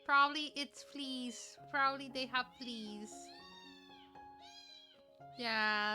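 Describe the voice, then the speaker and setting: A woman's voice: medium pitch, unhurried, sharp tone, soft background music. A woman streamer chatting casually on a livestream, gushing and cooing in baby talk at a cat video. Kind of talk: casual livestream reaction chat.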